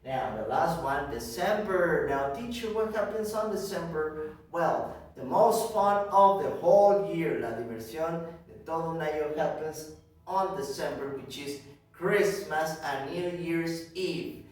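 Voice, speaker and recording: A man teaching English to small children, slow and deliberate, repeating each point in Spanish and checking in with "okay?". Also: a little high, darkish tone. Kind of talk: recorded class for young children. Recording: echoey room, distant mic.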